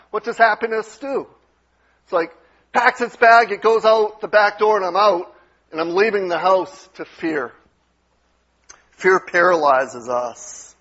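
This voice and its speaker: High-voiced man preaching gently. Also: highs cut off. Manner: conversational preaching with soft quoted asides. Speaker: pastor. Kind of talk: sermon.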